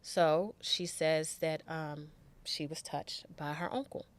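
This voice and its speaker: A woman's voice: sits low, steady tone, takes it slowly. A middle-aged woman telling an emotional personal story as a podcast guest, candid and repeating her words as she goes.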